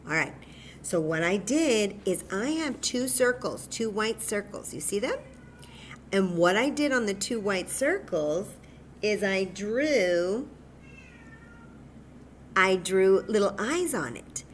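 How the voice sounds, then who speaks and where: A woman leading a children's story time at home, speaking slowly in a sing-song way and talking directly to the kids. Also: medium pitch, expressive, a little hiss or hum. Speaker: children's librarian. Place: home room with a cat nearby.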